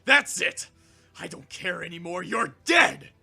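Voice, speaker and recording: A man's voice: fairly high pitch, big pitch swings, moderate pace, faint music behind, pitched above the performer's own voice. A man voicing a cocky, hot-tempered young male android in a fan audiobook, raising his voice to snarl. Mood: furious. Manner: smug, then shouting and snarling.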